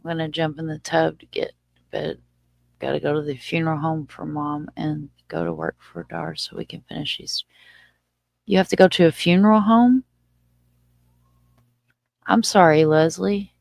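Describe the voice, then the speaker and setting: A woman's voice: low voice, fairly even intonation, normal speed, gravelly, pauses often, a little mellow, no room sound. A woman with a Southern US accent hosting a casual livestream, chatting in a folksy way and reading out viewer comments. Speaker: livestream host.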